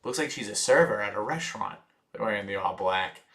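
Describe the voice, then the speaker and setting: A man's voice: lowish voice, animated, a little fast, gravelly, sharp tone. A young man hosting a live stream, chatting casually, cheering and teasing his viewers. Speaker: livestream host.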